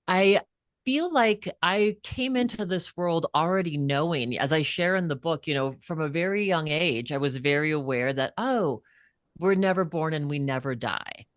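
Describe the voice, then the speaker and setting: A woman's voice: deep voice, moderate pace, dry recording, studio quality. A woman guest and author in an interview, telling a personal story earnestly and with animation. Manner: earnest, animated, acts out quoted voices.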